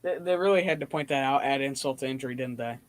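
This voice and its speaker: A man's voice: mid-range voice, fast talker. A man hosting a casual sports stream, laughing easily and reacting to plays as they happen. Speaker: stream host.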